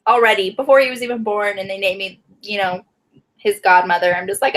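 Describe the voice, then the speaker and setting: A woman's voice: mid-range voice, fairly even intonation, fairly quick, a bit bright, low-quality recording. A woman co-hosting a book club live stream, talking in a gushing, emotional way and laughing often. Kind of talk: casual live stream chat.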